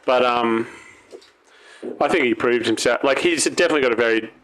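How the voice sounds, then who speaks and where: A man's voice: mid-range voice, a little fast, fairly bright tone, slight background noise. A man, a podcast co-host, bantering in casual chat with dry teasing and steering the talk to new topics.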